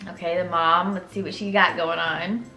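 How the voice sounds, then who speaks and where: A young woman playing a story game who reads it aloud and reacts to it with gushing excitement. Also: fairly low pitch, normal speed. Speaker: gaming YouTuber. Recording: echoey room with light music.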